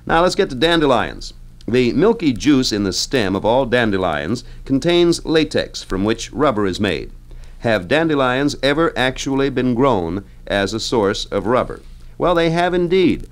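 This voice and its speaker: Male radio trivia host, middle-aged, breezy and folksy, very animated pitch, chatty asides. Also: unhurried. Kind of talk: scripted radio trivia segment. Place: radio studio.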